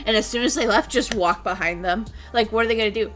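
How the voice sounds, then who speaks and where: A woman chatting on a stream in a loose, rambling way, giggling often and swearing without a second thought. Her pitch sits in an ordinary middle range. Soft music plays faintly underneath her talk. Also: quick pace. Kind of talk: casual chat.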